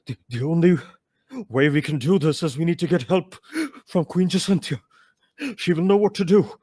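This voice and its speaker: A man's voice: on the high side, normal speed, mellow, no room sound, voice pushed up, close to an everyday voice. A man voicing elven boatmen urgently pleading with their chief.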